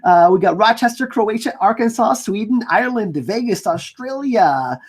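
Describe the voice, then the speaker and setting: A man hosting a casual livestream, chatting with viewers and reading out their comments and shout-outs. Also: high-pitched, animated, normal speed. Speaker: livestream host. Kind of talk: casual live-stream chat.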